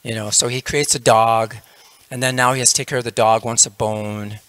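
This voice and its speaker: A man's voice: mid-range voice, steady tone, fairly quick, a bit bright, no room sound. Man telling a story in a temple class. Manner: casual, frequent "you know" fillers.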